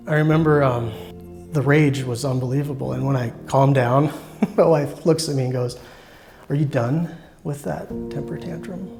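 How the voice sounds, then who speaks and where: A man sharing a personal faith testimony in an earnest, reflective way, pausing and restarting as he speaks. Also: mid-range voice, a little mellow. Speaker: church member sharing testimony.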